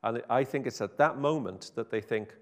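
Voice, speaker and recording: A man's voice: medium pitch, normal speed. A man preaching an informal sermon in a chatty, wry, self-interrupting way. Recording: hall reverb.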